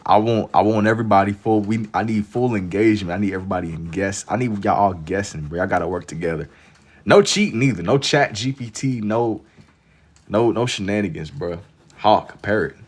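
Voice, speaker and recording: A man's voice: on the low side, a little fast, breathy edge. A young man hosting a casual livestream, reading chat aloud and teasing viewers with slang as he draws. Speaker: livestream host.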